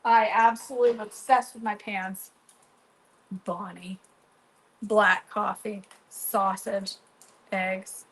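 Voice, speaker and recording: A woman's voice: mid-range voice, level tone, slow pace, pauses often, fairly bright tone, low-quality recording. A middle-aged woman chatting casually while cooking in her home kitchen, teasing viewers by name. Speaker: cooking vlogger.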